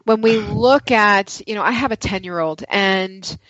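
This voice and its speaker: A woman guest telling a personal story in casual conversation. She talks in an animated way and acts out the dialogue she quotes. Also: medium pitch, a little slow, no room sound. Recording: dry, dull lo-fi sound.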